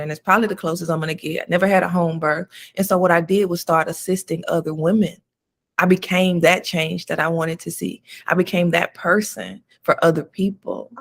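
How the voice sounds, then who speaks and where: A woman with a gravelly, fry-edged voice chats casually as a doula and co-host. She tells long stories in a loose, slangy and spiritual way, with a relaxed, conversational flow. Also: on the low side. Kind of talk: casual chat.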